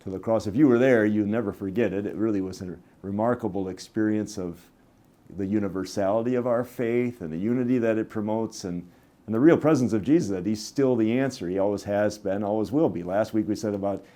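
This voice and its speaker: A man's voice: on the low side, a little fast, mellow. A man, a bishop, giving a casual spoken reflection, chatty and anecdotal, who acts out voices when he tells a joke.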